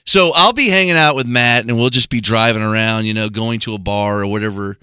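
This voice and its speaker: An American man co-hosting a podcast, teasing his friend in a mock-exasperated, animated way. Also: medium pitch, fast talker, clean tone, no echo, studio quality. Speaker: podcast co-host. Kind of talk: casual podcast banter.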